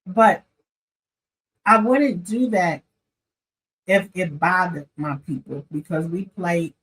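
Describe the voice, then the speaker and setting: A woman, chatting casually as she recaps a reality show, animated and opinionated, talking straight to her viewers. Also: on the low side, slow, low-quality recording. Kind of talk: casual chat.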